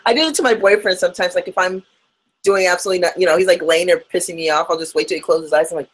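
A woman's voice: on the low side, rapid-fire, low-quality recording. A woman co-hosting a podcast interview, playful and laughing a lot. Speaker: podcast co-host. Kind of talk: casual interview chat.

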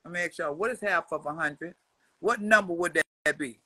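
A woman's voice: fairly low pitch, moderate pace, slightly rough, no room sound, rough recording. Brash trash-talking woman in her seventies. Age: 70s. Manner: brash, mocking, swings from mutters to loud jabs. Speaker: social media personality answering a rival. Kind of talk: profane trash-talking response rant.

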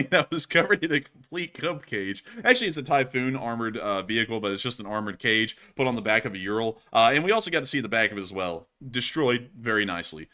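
A young man hosting a casual war news commentary, animated and jokey. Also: mid-range voice. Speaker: host.

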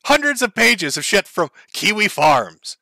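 A man's voice: high voice, very animated, measured pace, creaky, sharp tone, dry recording. Mocking, profane male commentator. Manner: mocking, profane, laughs often. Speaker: commentary host.

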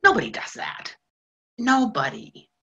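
A woman's voice: medium pitch, sing-song, vocal fry, bright, forceful tone, husky, highs cut off, heavily acted. An actress playing a lonely middle-aged female janitor in a stage monologue, confiding in a rush of feeling. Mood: flustered. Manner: confiding, breathless rushes of feeling. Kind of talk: stage monologue in a theatre broadcast.

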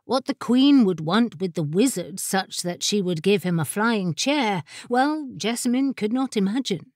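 A woman's voice: mid-range voice, no room sound. Woman narrating an audiobook, dry close sound. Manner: measured, expressive storytelling. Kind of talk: scripted narration.

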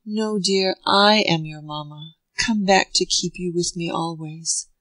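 A woman reading aloud and voicing a grieving young mother who speaks softly and tenderly to her child. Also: fairly low pitch, a little slow, dry recording, poor audio. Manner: soft, tender.

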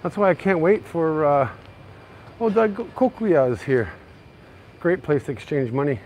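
A Canadian man narrating a casual walking tour of city streets, chatty and excitable. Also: fairly high pitch, a little slow. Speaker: vlogger. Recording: faint outdoor street noise. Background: faint traffic and street noise.

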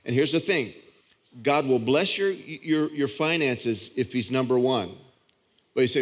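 Man, pastor, conversational sermon, stage mic in a church, mid pitch, stumbling restarts. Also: measured pace. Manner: conversational preaching with frequent restarts. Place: church auditorium.

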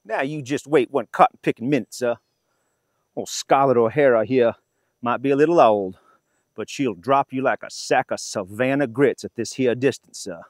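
A man's voice: medium pitch, normal speed, no room sound, natural voice. Guy voicing a huffy confederate soldier, thick put-on southern drawl, stiff and formal, dry close sound. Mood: indignant. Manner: florid, formal, says "sir" a lot. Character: indignant pompous Confederate soldier, man.

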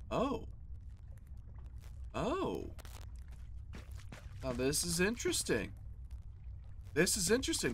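A man's voice: a little high, a bit bright, a little hiss or hum. A man hosting a horror game let's play, joking with the enemy and yelping whenever he gets hit. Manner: jokey, talks to the enemy, yelps when hit. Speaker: gaming channel host.

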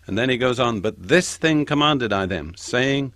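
An older man giving a Bible teaching, slowing down to stress each quoted verse. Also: medium pitch, animated, fairly bright tone, no room sound. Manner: slows down and stresses quoted scripture. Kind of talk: sermon-style Bible teaching.

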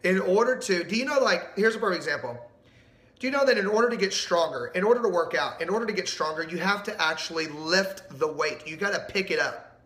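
A middle-aged man preaching a sermon, animated and emphatic, asking the audience questions. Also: high-pitched, a little fast, echoey room. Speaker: pastor.

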